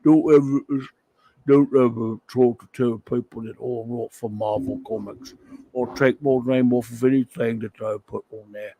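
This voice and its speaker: A man putting on a gruff, swearing older English comics writer in a mock English accent, grumbling. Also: mid-range voice, fairly even intonation, normal speed, dark tone, close to an everyday voice. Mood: indignant. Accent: put-on English.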